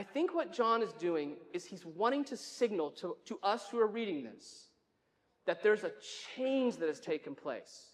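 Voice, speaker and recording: A man's voice: high voice, expressive, moderate pace, a bit bright. Guy pastor preaching, chatty, asks the room questions, lots of church echo. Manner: conversational, asks the congregation questions, wry asides. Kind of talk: sermon. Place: church sanctuary. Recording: long church reverb.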